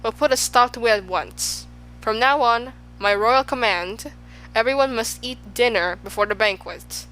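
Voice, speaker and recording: A woman's voice: a little high, moderate pace, a bit bright, close to an everyday voice, rough recording. A woman voicing a grand but gloomy king in an audiobook, who gives royal commands and sighs over his troubles. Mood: commanding. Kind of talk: audiobook character voice.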